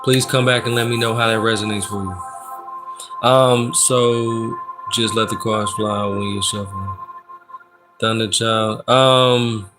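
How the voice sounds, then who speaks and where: A man doing a casual live-stream tarot reading, laid-back and slangy, reading out the chat and giving shout-outs. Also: fairly low pitch, steady tone, takes it slowly. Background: background music.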